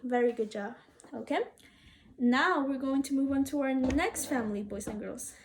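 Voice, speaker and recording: A woman teaching a phonics lesson to young children, saying each word twice slowly and inviting them to repeat it. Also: a little high, a little mellow. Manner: slow, clearly sounded-out words with call-and-response prompts.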